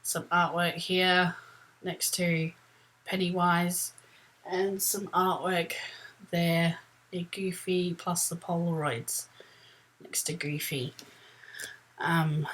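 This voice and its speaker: A woman's voice: lowish voice, flat delivery, extremely slow, pauses often, a bit bright, slight background noise, poor audio. A middle-aged woman vlogging from a room at home, talking in a rambling, chatty way with lots of ums. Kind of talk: casual chat.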